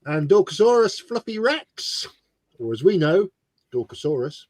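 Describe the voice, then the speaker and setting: A livestream co-host with a high-pitched, slightly mellow voice and big pitch swings speaks unhurriedly, with no echo. Working from a home studio over a video call, he greets viewers of the hobby stream in casual chat and teases them while reading their comments.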